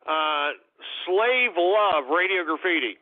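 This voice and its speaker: A man's voice: sits high, expressive, slow pace. A man hosting a call-in radio show, ranting profanely and sounding exasperated at callers. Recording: tinny phone-line quality.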